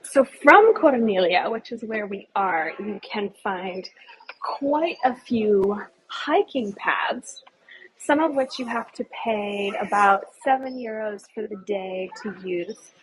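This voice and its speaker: Outdoors in a small hillside village, a woman who is a tour guide and travel vlogger leads viewers on a casual live walking tour. Her mid-range voice is expressive and slow, and the recording quality is low. She's chatty and enthusiastic, often asking her audience questions.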